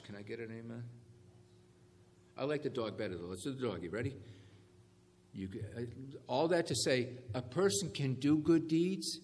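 A man's voice: lowish voice, a little hiss or hum. A man preaching a sermon, calling for amens and checking that the congregation follows along. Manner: call-and-response, animated emphasis on key phrases. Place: church hall. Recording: echoey hall with faint ambience.

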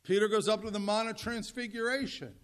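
Older male pastor, high voice, chatty humorous sermon. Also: steady tone, a little fast. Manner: conversational, humorous, asks the audience questions.

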